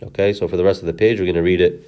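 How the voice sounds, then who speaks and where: A man's voice: low-pitched, fairly even intonation, rapid-fire, dark tone, clean tone. Patient man teaching Quran recitation. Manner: patient, explains step by step, checks in with "okay?". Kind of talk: instructional explanation with recitation. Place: recorded lesson video.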